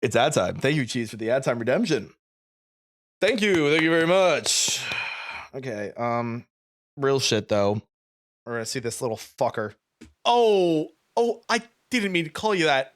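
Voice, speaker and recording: A man streaming a game live, reading its text aloud and swearing, yelling and laughing at what happens. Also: mid-range voice, measured pace. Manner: animated, swears and yells at the game, laughs often.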